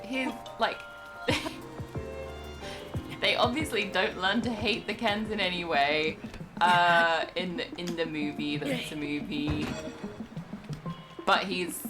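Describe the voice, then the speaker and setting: A woman's voice: fairly low pitch, unhurried, over music. A woman co-hosting a stream who talks in a hesitant, thinking-aloud way, repeating words as she goes. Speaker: stream co-host. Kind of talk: casual reaction chat.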